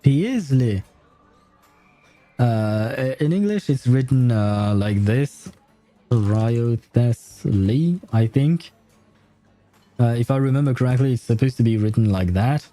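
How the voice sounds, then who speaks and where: In a dry recording, a man whose native tongue is French gives amused, talkative let's-play commentary at normal speed with nitpicky asides. His medium-pitched voice is dark with lively intonation, and game music hums faintly behind him.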